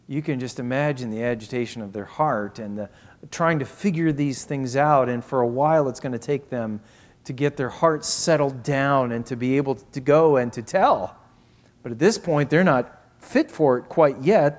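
A middle-aged man preaches with a lively, shifting delivery. He builds up loud and high on key points, then sinks to a hushed whisper. His voice sits at an ordinary middle pitch. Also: moderate pace. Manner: expressive preaching, drops to a whisper for emphasis. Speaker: pastor. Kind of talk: sermon.

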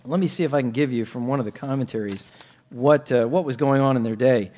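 A man's voice: mid-range voice, fast talker. A man preaching a sermon, explaining a scripture passage in an earnest, conversational way and asking his listeners questions. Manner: earnest, explanatory, shifts to quiet prayer. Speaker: pastor.

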